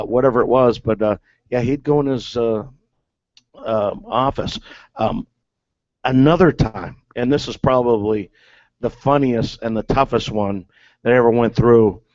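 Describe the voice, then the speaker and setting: A man's voice: mid-range voice, darkish tone, no echo. Guy rambling thru old locker room stories, lots of uhs and okays, dry lo-fi sound. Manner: rambling, filler-heavy with many "okay"s. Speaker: former ballplayer guest. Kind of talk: casual storytelling. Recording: dull lo-fi sound.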